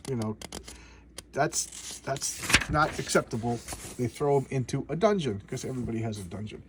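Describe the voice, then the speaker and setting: A man's voice: medium pitch, normal speed, noisy background. A man casually recapping a comic book in a rambling, sarcastic way, with many restarts. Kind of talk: casual video commentary.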